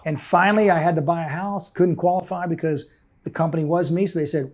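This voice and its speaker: A man's voice: on the high side, quick pace, darkish tone. A middle-aged man from the United States, an entrepreneur telling his story intensely in an interview and acting out the people he quotes. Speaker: guest entrepreneur.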